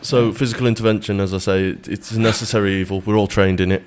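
A man's voice: on the low side, steady tone, quick pace. A man speaking earnestly as an interview guest in a studio, stumbling over repeated words as he starts sentences. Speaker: guest, security manager.

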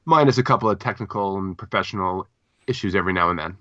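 A man with a lowish voice co-hosting a casual podcast, his humor dry and deadpan. The recording is dull and lo-fi, with a dry sound and no room echo. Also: fast talker. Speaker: podcast co-host.

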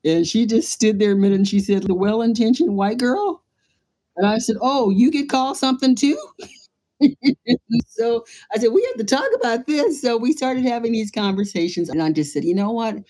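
A woman artist and playwright from the United States, telling a lively story in an interview, acting out voices and laughing often. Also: fairly high pitch, fairly quick.

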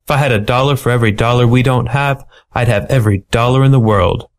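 A man voicing a small, sardonic male ferret private eye with a hardboiled, fast-talking manner. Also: medium pitch, fairly even intonation, close to an everyday voice. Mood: wry.

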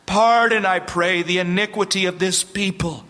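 A man preaching a sermon, reading scripture aloud and commenting, swinging from loud declaring to low hushed warning. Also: fairly even intonation, normal speed, few pauses. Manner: reads scripture aloud, then breaks off to comment. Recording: long reverb from a hall.

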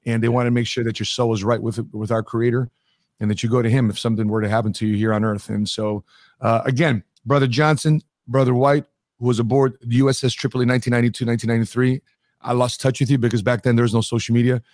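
A middle-aged man talks as an interview guest at an ordinary pitch and tells his stories with energy, playing out every bit of dialogue. The sound is dry and close, with no room around it. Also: quick pace, no room sound. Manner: animated storyteller who acts out quoted dialogue. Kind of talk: conversational interview storytelling.

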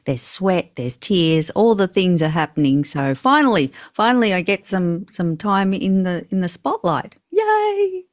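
A woman's voice: fairly low pitch, expressive, normal speed, hardly any pauses. A woman guesting on a podcast, chatty and full of fillers, from the Southern Hemisphere. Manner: chatty, uses many fillers. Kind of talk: casual podcast chat.

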